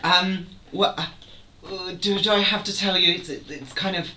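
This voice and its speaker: A man's voice: high voice, a little slow, bright, forceful tone, echoey room, slight background noise, heavily acted. A man voicing a timid young royal bastard on the run, stammering nervously.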